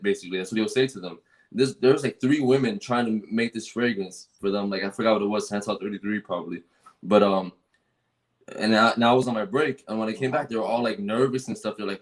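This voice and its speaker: A man's voice: lowish voice, quick pace, rough recording. A man telling a workplace story in casual chat, rambling with many fillers and restarts and swearing freely. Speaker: fragrance store worker.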